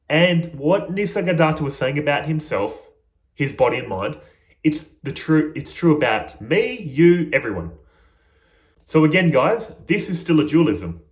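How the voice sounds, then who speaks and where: A man's voice: on the high side, big pitch swings, normal speed, roomy sound. A man giving an informal, earnest spiritual lesson to his viewers in a conversational way. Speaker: spiritual teacher.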